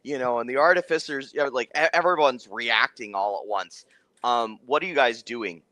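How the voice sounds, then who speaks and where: Bright-voiced man running a tabletop game. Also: mid-range voice, dry recording. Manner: rambling, halting restarts. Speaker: game master.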